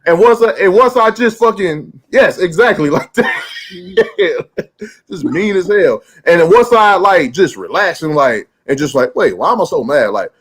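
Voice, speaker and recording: Sitting high and sing-song, this man's fairly bright voice moves unhurriedly as he hosts a podcast. His storytelling is loose and profane, full of cursing and "like" fillers.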